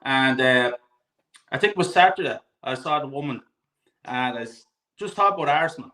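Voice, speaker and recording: A man's voice: medium pitch, animated, normal speed, pushed and bright. A man in his forties speaking as a guest on a fan talk show, ranting hard, swearing often and repeating himself for emphasis. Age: 40s. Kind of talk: impassioned live show rant.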